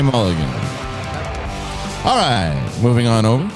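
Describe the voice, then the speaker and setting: Male host in his thirties, animated and lively storyteller, faint music behind. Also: fairly low pitch, moderate pace. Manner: animated storyteller, laughs often, acts out his kids. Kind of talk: casual live show chat.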